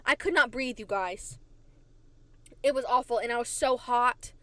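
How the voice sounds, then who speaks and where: A woman with a fairly high voice hosts her own podcast and tells stories in a casual, animated way. She repeats her points for emphasis and speaks into a desk microphone at home. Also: measured pace, dry recording. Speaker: podcast host. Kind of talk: casual storytelling.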